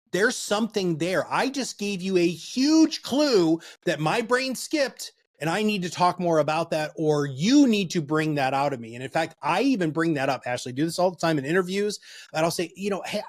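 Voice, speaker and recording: A middle-aged man, a guest author and speaker, explaining listening skills in an animated, emphatic way with big swings in pitch and pace. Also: dry recording.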